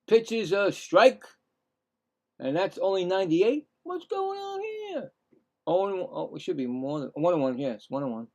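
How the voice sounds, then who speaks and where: A man's voice: a little high, normal speed, darkish tone. A middle-aged man giving casual live baseball play-by-play, rambling and correcting himself with chatty asides. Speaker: play-by-play streamer.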